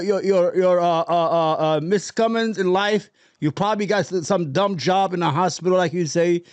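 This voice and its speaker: Fired-up guy ranting on his podcast, kinda high voice, swears a lot, dry close sound. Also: dry recording. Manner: angry, profane, repeats words when riled. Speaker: podcast host. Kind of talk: heated ranting commentary.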